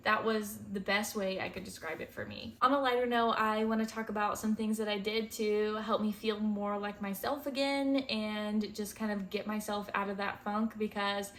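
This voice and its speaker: A woman's voice: medium pitch, fairly even intonation, normal speed, few pauses, a bit bright. A woman in her twenties, a first-time mom, talking candidly and emotionally to camera in a chatty way with lots of "like" and "um". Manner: candid, emotional, close to tears at times; chatty, many fillers like "like" and "um". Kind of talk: casual talk to camera.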